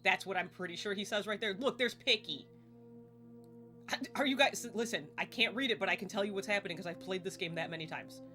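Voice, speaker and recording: A young woman streaming a game live, chatting excitably, laughing and swearing casually as she plays. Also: mid-range voice, fairly quick. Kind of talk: live gameplay commentary. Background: faint game music.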